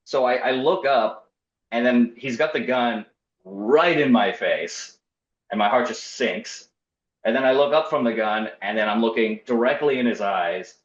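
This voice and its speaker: A young man, a storyteller guest, casually tells a personal story in a wry, self-deprecating way, acting out what people said. His medium-pitched voice is unhurried, and the podcast audio sounds roomy and slightly dull.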